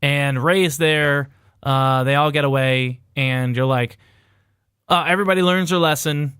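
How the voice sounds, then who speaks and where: A man's voice: on the high side, fairly even intonation, a little slow, a bit bright, smooth, no room sound, studio quality. A man casually retelling a movie plot on a podcast, rambling and swearing with jokes along the way. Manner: rambling, profane, jokey retelling. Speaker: podcast host. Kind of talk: casual movie recap chat.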